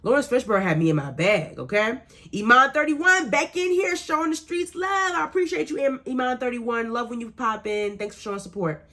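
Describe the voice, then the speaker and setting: A woman's voice: fairly high pitch, fairly quick. A young adult woman hosting a radio show, chatting casually and animatedly while reading live comments. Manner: animated, laughing, emphatic repetition.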